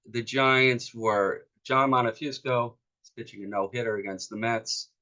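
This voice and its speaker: A man's voice: lowish voice, bright, forceful tone. A man in his fifties, an author telling stories from his life as a fan to a club meeting in a casual, conversational way. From East Coast of the United States. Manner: storytelling, conversational with fillers. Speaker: author presenting his book. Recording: dull lo-fi recording.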